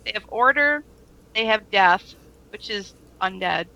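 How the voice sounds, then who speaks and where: A woman's voice: mid-range voice, animated, unhurried, vocal fry, bright, forceful tone, muffled recording. A woman co-hosting a casual podcast chat, telling a rambling story full of fillers and laughs. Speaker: podcast co-host.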